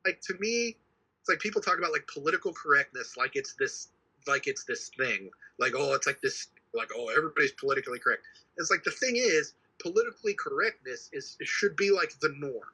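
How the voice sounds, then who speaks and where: A man with a very bright, edgy voice and a husky grain, talking fast and heatedly as a podcast co-host. He swears freely and circles back over his points, his pitch sitting a little high. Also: animated, low-quality recording. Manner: heated, swears often, repeats himself. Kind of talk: casual chat.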